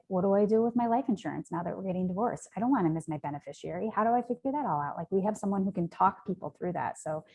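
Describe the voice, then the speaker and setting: Her voice is fairly low, gravelly yet mellow. As the founder of a nonprofit appearing as a guest in a conversational interview, she talks earnestly and wanders a bit, filling her speech with ums and likes.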